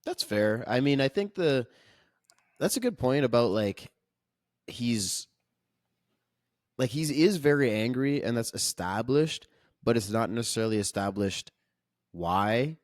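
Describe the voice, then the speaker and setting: A man's voice: mid-range voice, lively intonation, measured pace, pauses often, dry recording, clean studio sound. A man co-hosting a podcast, chatting casually and thoughtfully about a film, hedging his points with lots of "like". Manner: thoughtful, hedging, many fillers. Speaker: podcast co-host. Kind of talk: casual film review chat.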